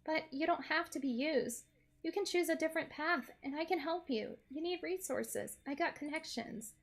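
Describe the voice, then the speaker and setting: A woman's voice: on the high side, normal speed, creaky. A woman voicing a sarcastic, wisecracking young woman held hostage in a game. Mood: pleading. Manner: sarcastic, wry.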